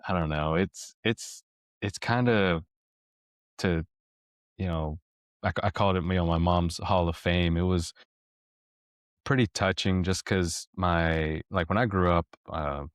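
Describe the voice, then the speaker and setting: A man's voice: low voice, fairly even intonation, unhurried, long pauses, smooth, no room sound, studio quality. A man co-hosting a parenting podcast, telling a personal story in a rambling, reflective way with many restarts. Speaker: podcast co-host. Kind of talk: casual storytelling chat.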